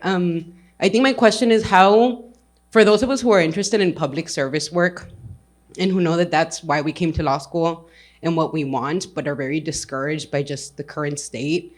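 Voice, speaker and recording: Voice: mid-range voice, normal speed. Earnest audience member, law student. Effusive, slightly emotional Q&A question.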